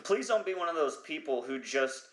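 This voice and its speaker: A man's voice: a little high, animated, moderate pace, fairly bright tone. Rambling, profane podcast man in echoey room. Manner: profane, rambling, loses his train of thought. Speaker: podcast host. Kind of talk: rambling comedic monologue.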